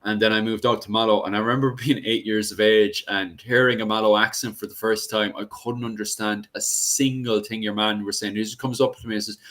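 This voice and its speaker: A man's voice: on the low side, steady tone, a little fast, hardly any pauses, fairly bright tone. A man hosting a casual live-stream chat, joking and bantering, swearing in passing. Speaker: show host.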